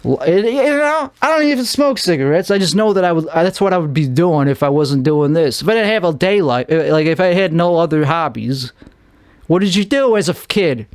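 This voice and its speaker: A man's voice: fairly high pitch, lively intonation, a little fast, dry recording, studio quality. A man from Chicago with a Chicago accent, rambling through a solo podcast monologue, often restarting and trailing off. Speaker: podcast host.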